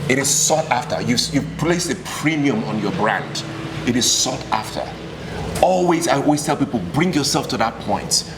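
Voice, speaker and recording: A man from Nigeria, an actor being interviewed, telling stories in a relaxed chat and acting out the people he quotes. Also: mid-range voice, normal speed, background noise. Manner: animated storyteller, acts out quoted voices.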